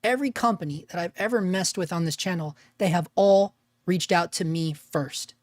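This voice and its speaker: Gravelly-voiced man chatting on a livestream. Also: sits high, normal speed, no echo, clean studio sound. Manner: rambling, restarts, drops "man" and "dude". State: gravelly voice after an illness. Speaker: livestream host and freelance videographer. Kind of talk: casual livestream chat.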